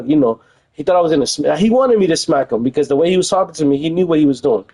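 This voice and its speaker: A young man with a somewhat high voice rants heatedly on a casual livestream from home. He presses his points hard and repeats phrases for emphasis. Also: darkish tone, poor audio.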